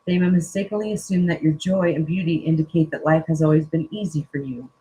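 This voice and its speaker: A spiritual coach reading an inspirational text aloud in a slow, earnest way, teary-eyed and stopping now and then for casual joking asides. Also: mid-range voice, fairly even intonation, warm tone, breathy edge, low-quality recording.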